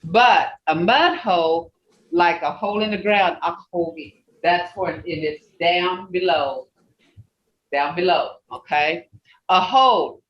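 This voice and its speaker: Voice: mid-range voice, slow. A language teacher leading an online class, patiently repeating words and checking that everyone follows. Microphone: video call. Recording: echoey, muffled video call audio.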